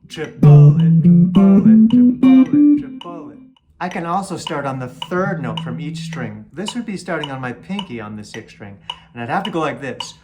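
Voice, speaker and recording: A guitar teacher gives a casual lesson, explaining an exercise and counting beats aloud as he plays, loudly chanting "triplet" over the guitar. His medium-pitched voice is sing-song and brisk. The recording is muffled, with guitar playing beneath his speech.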